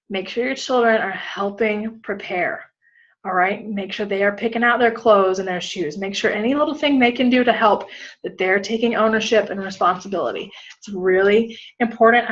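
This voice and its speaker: A woman's voice: mid-range voice, fairly bright tone, dull audio. A woman in her thirties, a pastor giving a frank conference breakout talk, often checking in with "all right?" and "okay?".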